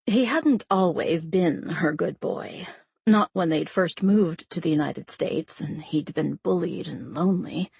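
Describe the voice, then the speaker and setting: A woman narrating a romance audiobook in a measured, scripted style. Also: on the low side, vocal fry, darkish tone, breathy edge, no echo.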